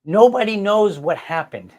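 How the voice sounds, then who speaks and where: A middle-aged man hosting a podcast, telling a family story in an animated, self-mocking way and talking straight to his listeners. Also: high-pitched, normal speed. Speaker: podcast host. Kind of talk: casual storytelling chat.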